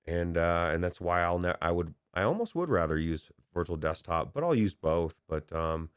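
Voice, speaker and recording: A man with a very low voice, chatting casually as a podcast co-host. He rambles and hesitates, restarting his sentences often. The sound is dry and close, with no room echo. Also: expressive, normal speed, clean tone. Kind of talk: casual chat.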